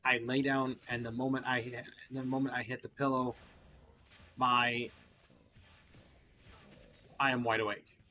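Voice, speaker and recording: A man's voice: mid-range voice, level tone, measured pace, pauses often, bright, forceful tone, a little hiss or hum. A tired man commentating casually on his gameplay, rambling with fillers and restarts. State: tired, yawning. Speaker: gaming channel host.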